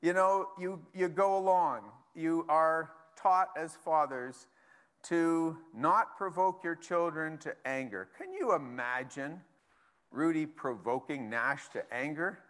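A male pastor delivers a relaxed, conversational sermon. His voice sits a little higher than most men's, and he moves easily between reading scripture aloud and chatting with the congregation. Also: slow pace.

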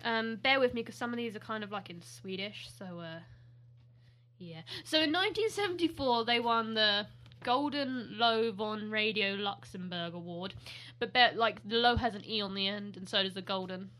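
Giggly British woman, bright voice. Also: medium pitch, moderate pace. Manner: giggly, chatty, rambling. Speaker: podcast co-host. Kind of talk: casual chat.

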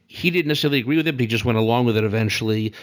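A man talking politics in a casual chat, stumbling and restarting as he goes. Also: medium pitch. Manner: fast, halting, with restarts.

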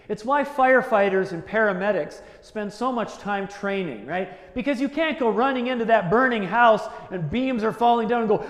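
A man preaches a sermon with a fairly high voice. He talks in a chatty, animated way and acts out the voices he quotes. The sound rings through a large hall with a long reverb. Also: moderate pace. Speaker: pastor.

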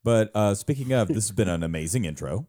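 A man's voice: on the low side, expressive, quick pace, dark tone. A man co-hosting a podcast in casual, comedic chat, rambling and self-mocking as he talks. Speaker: podcast co-host.

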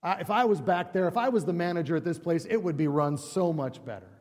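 A man's voice: high voice, fast talker, darkish tone. A middle-aged male pastor preaching a sermon in a conversational way, full of rhetorical questions and acted-out quotes. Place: church sanctuary. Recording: long church reverb.

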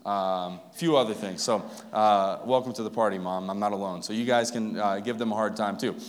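A man's voice: lowish voice, fairly even intonation, a little fast. A man preaching a sermon to his congregation in a casual, conversational way, with asides to the people in the pews. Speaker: pastor. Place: church sanctuary. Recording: long reverb of a church hall.

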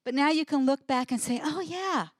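A woman preaching a conversational sermon, retelling scripture in an animated way and chuckling as she goes. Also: sits high, fast talker, no room sound, studio quality.

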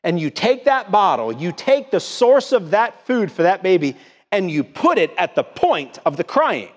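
A man's voice: high-pitched, very animated, normal speed, long reverb tail. A middle-aged man preaching a sermon in a church, emphatic and full of questions to the congregation. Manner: emphatic call-and-response preaching, rising and falling. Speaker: pastor. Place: church sanctuary.

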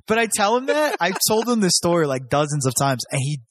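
A young man from Southern California spins profane stories in casual chat, his voice leaping around with lively swings. He sits on the higher side for a man and keeps jumping up to act out quotes. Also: fairly quick. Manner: profane, animated, acts out quotes in raised voice.

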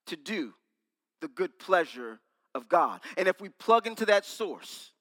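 A man delivers a sermon in a small room, his voice bright and pitched high. He playfully quizzes and teases the people listening. A long reverb trails behind each phrase. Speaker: preacher.

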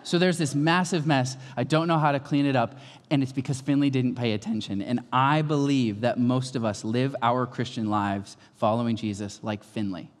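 A male pastor in his thirties preaching a sermon, with lively storytelling that swings from calm to loud. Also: mid-range voice, moderate pace. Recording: long hall reverb.

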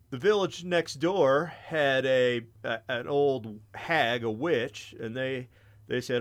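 A podcast host with a mid-range voice talks at a slow pace, casually telling a long story. He rambles, swears a lot, and uses many fillers.

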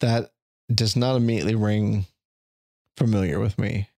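A man's voice: on the low side, fairly even intonation, normal speed, darkish tone, no echo, clean studio sound. A middle-aged man as a podcast guest, talking in a reflective, thorough and self-deprecating way. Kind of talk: casual conversational interview.

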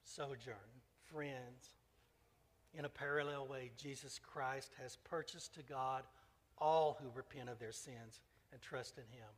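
A man's voice: mid-range voice, fairly even intonation, breathy edge. Earnest male pastor in a reverberant hall. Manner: earnest, measured preaching, reading aloud from a novel. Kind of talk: sermon.

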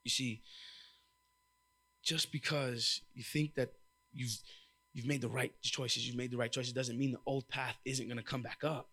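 A young man preaching a sermon, telling lively personal stories and calling out to the congregation. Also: medium pitch, measured pace, long pauses, husky. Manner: lively storytelling with crowd call-outs. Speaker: church intern preaching.

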